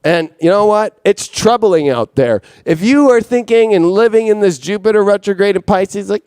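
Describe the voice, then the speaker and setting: A man hosting an impassioned astrology monologue, intense and profane, circling back on his own phrases. His voice sits very high for a man. The sound is dry and close. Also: lively intonation, moderate pace, hardly any pauses, a little mellow, clean tone, no room sound. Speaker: astrologer host.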